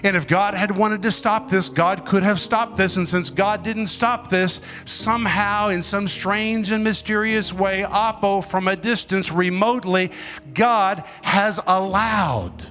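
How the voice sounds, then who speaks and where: A man preaching a sermon with emphatic, dramatic delivery, pausing and swinging between loud and soft. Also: sits high, fairly even intonation, faint music behind.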